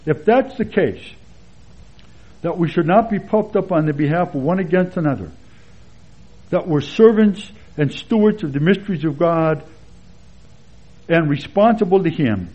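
A man with a slightly raised, husky voice teaches a sermon in an easy, chatty way, moving through verses and personal stories. The recording is dull and lo-fi, as on an old sermon tape. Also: a little high, moderate pace, long pauses. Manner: relaxed, chatty, with anecdotes and chuckles. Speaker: Bible teacher. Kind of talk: conversational expository sermon.

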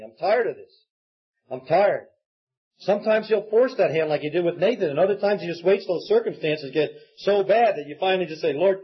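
A man's voice: sits high, slightly rough. A man preaching a sermon in an earnest way, acting out quoted pleas for help. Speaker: pastor. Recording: dull lo-fi recording.

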